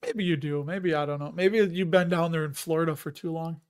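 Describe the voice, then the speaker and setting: A man in his fifties with a fairly high voice hosts a casual investing livestream. He chats loosely with viewers, cracking jokes and laughing often as he wanders between asides. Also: steady tone, fairly quick, a little mellow, clean tone. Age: 50s. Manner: chatty, jokey, laughs often, rambling asides. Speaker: host of a dividend investing livestream. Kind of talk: casual livestream chat reading viewer comments.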